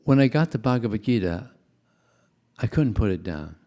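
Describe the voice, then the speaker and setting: An older temple speaker delivers a devotional talk full of anecdotes, chuckling and chatting easily with his congregation. He speaks at a normal speed in a fairly low, expressive voice with a dark tone.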